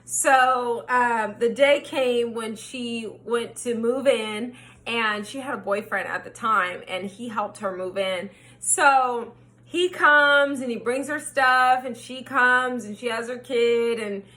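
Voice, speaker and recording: Bright, animated woman vlogger. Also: a little high. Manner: animated, swears freely, acts out her own quotes. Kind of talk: storytime chat.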